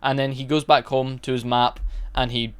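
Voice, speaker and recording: Young male film reviewer, mid-pitched and smooth, casual and rambling. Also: level tone, normal speed. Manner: rambling plot recap with frequent restarts and filler. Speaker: movie reviewer.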